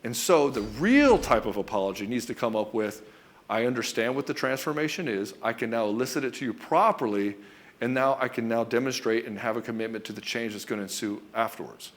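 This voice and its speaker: A middle-aged male relationship coach talks straight to husbands in a blunt, profane style. His voice sits at an ordinary pitch. He keeps slipping into quick mock exchanges between husband and wife. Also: animated. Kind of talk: direct-to-camera coaching talk.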